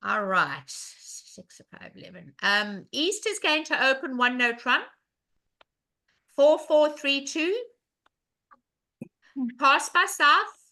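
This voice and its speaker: A woman's voice: sits high, sharp tone. A woman teaching a live online bridge lesson, walking through a hand in a chatty way and asking the class questions as she goes.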